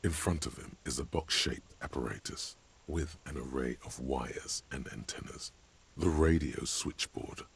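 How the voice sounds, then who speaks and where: A man's voice: extremely low pitch, a little slow, creaky, breathy edge, exaggerated voice. An actor voicing a blunt, sardonic male narrator in a game. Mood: dry.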